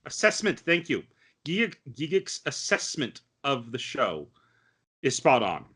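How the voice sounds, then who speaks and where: A man co-hosting a casual podcast, recapping an anime with lots of ums and quick acted-out quotes. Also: mid-range voice, huge pitch swings, bright, forceful tone, slightly rough. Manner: chatty, many fillers, acts out quotes. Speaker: podcast co-host. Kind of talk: casual anime review chat.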